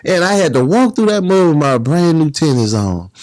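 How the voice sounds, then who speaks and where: A man, a guest, telling stories in a casual, animated way and acting out the other people's voices. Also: fairly high pitch, moderate pace, dry recording, studio quality. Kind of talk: casual storytelling.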